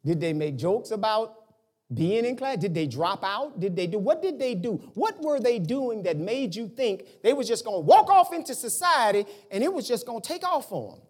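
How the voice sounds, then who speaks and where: Male preacher with a high, lively voice who slips into folksy talk and sudden shouts. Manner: animated, colloquial, bursts into shouts. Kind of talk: sermon.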